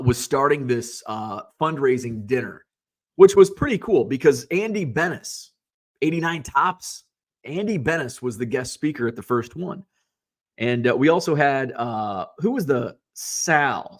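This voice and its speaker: A man hosting a sports card livestream, chatting loosely, telling rambling stories, swearing casually, and reading viewers' comments aloud. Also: mid-range voice. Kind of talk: casual livestream chat and storytelling.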